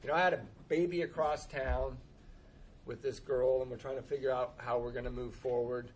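A man's voice: medium pitch, level tone, fairly quick, slight background noise. A man telling a humorous personal recovery story, acting out the dialogue and laughing often at himself. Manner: self-deprecating, laughs often, acts out dialogue. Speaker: speaker sharing a recovery story.

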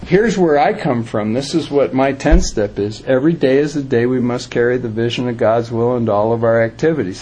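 Husky man giving an earnest recovery talk. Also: mid-range voice, a little fast, few pauses, a little mellow. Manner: earnest, plain-spoken, emphatic. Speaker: recovery speaker.

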